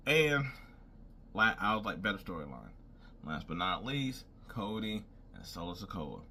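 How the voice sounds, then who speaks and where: Very animated yet unhurried, this young man's lowish voice sounds bright and forceful over a faint hiss or hum. As a wrestling commentator, he rambles casually alone, thinking aloud about his predictions and saying "I was like" again and again.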